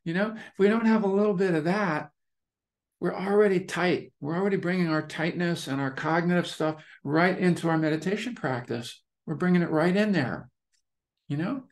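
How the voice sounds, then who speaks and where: Man, meditation teacher, casual, repetitive, restarts often, gentle. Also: sits high, normal speed. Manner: relaxed, repetitive, searching phrasing with many restarts. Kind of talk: dharma talk.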